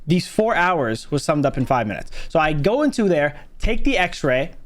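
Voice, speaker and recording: A young man tells a story from his own life to a livestream, and he swears freely. His voice sits high and swings wide, and it jumps up sharply when he is outraged. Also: normal speed. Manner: animated, profane, jumps to high exclaims. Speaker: streamer telling a story.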